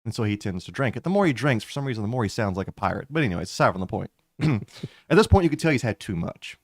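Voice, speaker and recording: A man narrating as game master of a tabletop game in a relaxed, drawling way. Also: lowish voice, fast talker, gravelly, no echo, clean studio sound.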